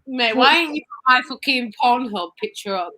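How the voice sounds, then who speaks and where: A woman co-hosting a football fan show, bantering loudly, swearing and laughing a lot on a video call. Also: fairly high pitch, moderate pace. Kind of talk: casual chat.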